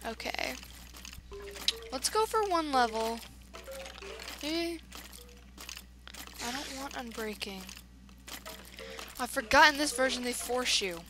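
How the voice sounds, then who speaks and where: A woman's voice: high voice, expressive, slow, long pauses, over music. A woman chatting through a let's play, reacting aloud to the game as she goes. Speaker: gamer.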